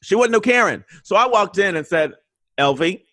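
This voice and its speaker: A man's voice: high-pitched, normal speed, no echo. A man telling a story in casual chat as a guest, acting out the quotes. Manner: animated storyteller, acts out quotes. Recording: remote video call.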